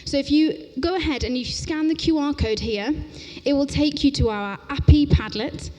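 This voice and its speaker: Long reverb from a large conference lecture hall surrounds a woman presenting an interactive workshop as a teacher trainer. She's brisk and upbeat, her voice slightly high, frequently asking "okay?".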